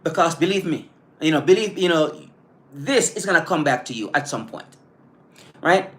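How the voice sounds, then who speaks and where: A man with a slightly high voice, lively intonation, and a normal pace talks to his live-stream viewers about positive self-talk. He is earnest and blunt, phrasing things casually, often restarting and repeating words, and he pauses to greet viewers by name.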